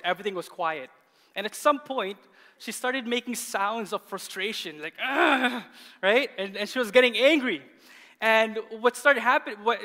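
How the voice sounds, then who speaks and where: A man in his thirties preaching a sermon as pastor, animated and often laughing as he tells a story. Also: high-pitched. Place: church hall. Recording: long church hall reverb.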